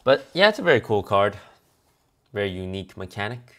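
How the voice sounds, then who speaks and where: A man's voice: on the low side, very animated, a little fast, fairly bright tone. A man streaming a card review in casual commentary, reading card text aloud and answering viewers offhandedly.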